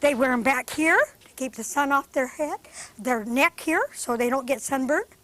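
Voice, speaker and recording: A woman with a high-pitched voice hosts a children's show, speaking at normal speed to a group of young kids in a studio. Her manner is gentle, patient, and sing-song, like a teacher.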